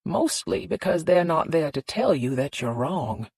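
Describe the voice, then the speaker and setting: A woman voicing an elderly, kindly male doctor who speaks slowly and fondly in an audiobook. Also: sits low, lively intonation, husky, no echo, heavily acted. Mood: gentle. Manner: slow, gentle, fond.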